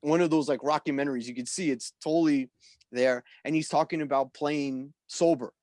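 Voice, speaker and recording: A man in his forties telling a long, animated story in casual chat, rambling with lots of "like" and "you know" and swearing freely. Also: on the high side, fairly quick, no room sound, studio quality. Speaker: guest musician.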